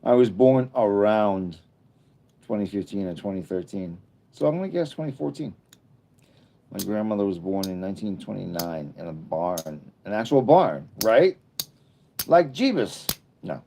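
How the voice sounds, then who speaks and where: Deep, mellow-voiced man in his fifties. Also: lively intonation, normal speed, gravelly. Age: 50s. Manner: rambling, jokey asides. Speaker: livestream host. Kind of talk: casual livestream chat, reading comments.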